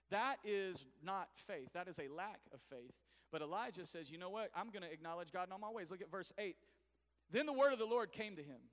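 Preaching with energy in a high voice, a pastor leads his congregation through call-and-response during a sermon. The church sanctuary gives the recording a long, reverberant hall sound.

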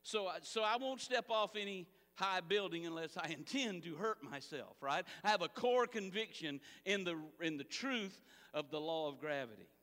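A man preaches with a high, bright voice that swings widely in pitch, calling out to his congregation for a response. His sermon rings through a church sanctuary with a long reverb tail. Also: normal speed, hardly any pauses. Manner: animated preaching with audience call-outs. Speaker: pastor.

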